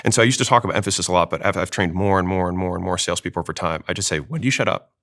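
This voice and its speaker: Fast-talking low gravelly man. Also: fairly even intonation, fairly bright tone. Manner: fast, emphatic teaching delivery. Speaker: sales expert guest. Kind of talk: panel discussion.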